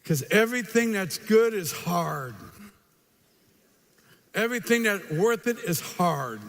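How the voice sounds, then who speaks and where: An older man gives a live motivational talk, his very high, bright voice ringing out with long hall reverb. He tells his stories in an animated way, acting out the quotes and dropping in short, punchy asides, with faint ambience behind him. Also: slow pace, gravelly. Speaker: motivational speaker.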